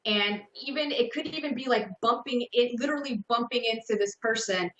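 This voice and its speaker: A woman hosting a call-in psychic radio show, giving slow, hesitant readings full of fillers and restarts. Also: fairly high pitch, a bit bright, echoey room, muffled recording.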